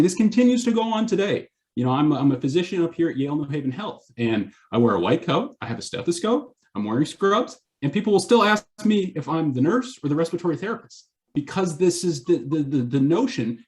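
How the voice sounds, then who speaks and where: Male physician panelist, quick, animated storyteller, average pitch. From Canada. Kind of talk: panel discussion.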